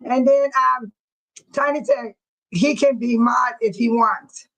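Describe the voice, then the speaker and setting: A woman's voice: a little high, slow pace, low-quality recording. A middle-aged woman hosting a casual livestream, reading chat comments aloud and laughing often. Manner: sweating and fanning herself after dancing. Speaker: livestream host.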